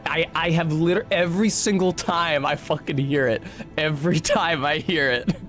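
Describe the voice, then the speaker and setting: A young man doing let's-play commentary with a rambling, sarcastic delivery. His voice sits a little high for a man, with faint music behind. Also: normal speed, a bit bright. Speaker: streamer.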